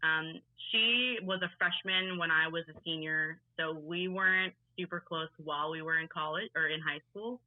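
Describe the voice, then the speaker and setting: A woman's voice: low voice, moderate pace, hardly any pauses, dry recording. A woman in her twenties from Long Island, New York, with a faded Long Island accent, telling stories as a guest in a casual podcast chat, full of fillers and laughs. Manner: chatty, filler-heavy storytelling with laughs. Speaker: guest, lacrosse player and coach. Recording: tinny phone-line sound.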